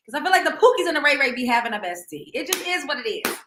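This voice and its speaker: A woman's voice: high-pitched, sing-song, racing, reverberant, background noise. A woman hosting a celebrity gossip show in casual chat, blunt and profane, often tripping over repeated words.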